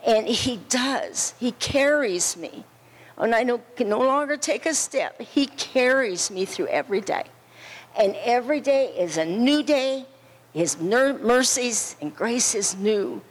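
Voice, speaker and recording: A woman telling an earnest story as a friend at a memorial service, repeating words slowly for weight. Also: a little high, expressive, poor audio. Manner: earnest, slow and repetitive storytelling. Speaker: friend giving a tribute.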